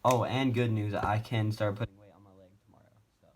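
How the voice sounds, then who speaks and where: A man's voice: on the low side, fairly even intonation, quick pace. A young man casually telling a personal story on his vlog, rambling with many fillers and restarts, speaking from a wheelchair at home. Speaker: vlogger.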